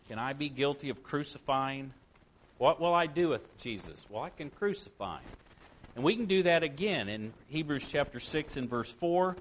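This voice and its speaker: A man's voice: medium pitch, slight background noise. A man preaching a sermon, reading scripture aloud with earnest, rising emphasis.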